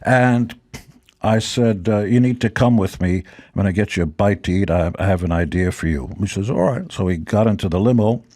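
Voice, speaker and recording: An older man from Israel, a guest telling rock-tour stories in a relaxed chat, with dry joking asides. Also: deep voice, normal speed, no room sound. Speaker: guest musician. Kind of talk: casual storytelling.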